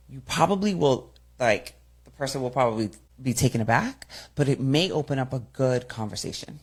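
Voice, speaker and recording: A woman hosts her own podcast as a communication coach. Her voice sits low with a gravelly edge. She speaks directly and repeats key phrases for emphasis. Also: expressive, moderate pace, few pauses. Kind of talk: solo podcast talk, coaching.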